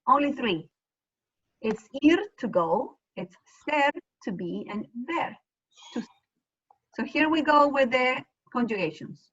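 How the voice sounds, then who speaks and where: Woman, high voice, slow and patient, teacher on a video call, dry dull audio. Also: expressive, fairly bright tone, breathy edge. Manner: patient, encouraging, explains step by step. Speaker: Spanish teacher. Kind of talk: online class lesson.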